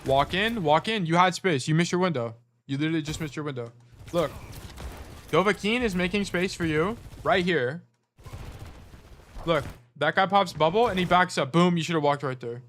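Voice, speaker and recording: A man's voice: a little high, animated, moderate pace, a bit bright, slight background noise. A man coaching a player through gameplay footage in a casual, blunt way, often repeating short commands. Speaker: game coach.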